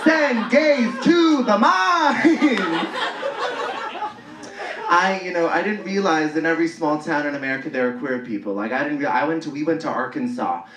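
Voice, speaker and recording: A man from the Bay Area doing a live stand-up set, camp and animated, jumping into shrieking high voices for punchlines. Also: fast, few pauses. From San Francisco Bay Area. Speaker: stand-up comedian. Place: comedy stage before a laughing audience. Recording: echoey live room, mic heard from far off, clear crowd noise.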